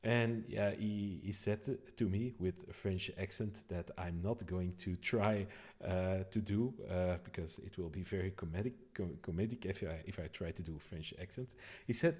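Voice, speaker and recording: A man explaining his code on a live stream, thinking aloud with frequent pauses and restarts. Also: sits low, darkish tone. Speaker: developer streaming a code walkthrough.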